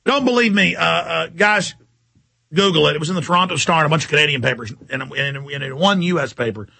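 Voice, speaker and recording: A male talk radio host rants in an agitated, mocking way. His voice is high and bright, with a raspy, gravelly texture that stays through the whole monologue. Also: fast. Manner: agitated, ranting, mocking quotes.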